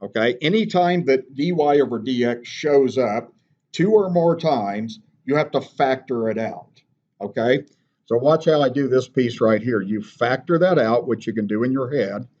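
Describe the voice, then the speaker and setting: A man's voice: medium pitch, darkish tone, muffled recording. A man teaching a math class, patiently walking through steps and checking in with "okay?". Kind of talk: classroom lecture.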